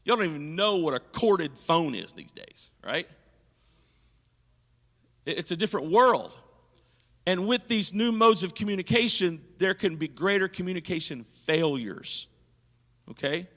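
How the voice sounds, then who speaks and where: A man's voice: high voice, animated, measured pace, long pauses, fairly bright tone, long reverb tail. A man leading a leadership seminar at a church, teaching and asking his audience questions. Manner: engaging, asks the audience questions. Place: church hall.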